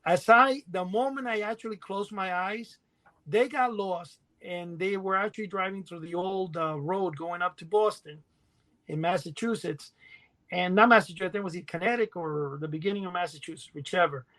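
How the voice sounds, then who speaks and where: A middle-aged man co-hosting a podcast, telling rambling stories in a casual, animated way and laughing as he goes. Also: sits high, normal speed. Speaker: podcast co-host. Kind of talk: casual storytelling chat.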